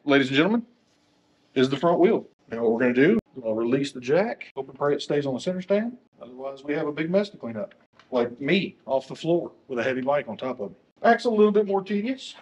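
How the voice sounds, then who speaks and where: A man's voice: mid-range voice, a little hiss or hum. Guy wrenching on a motorcycle in his shop, cracking jokes at himself, kinda dull lo-fi sound. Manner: joking, self-deprecating asides while working. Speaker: motorcycle technician. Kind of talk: casual how-to tutorial. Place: motorcycle workshop.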